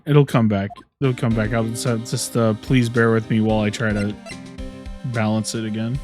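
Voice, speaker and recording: A man's voice: fairly low pitch, level tone, moderate pace, over music. A man streaming a game and voicing its characters, who rambles and mocks himself while reading the lines.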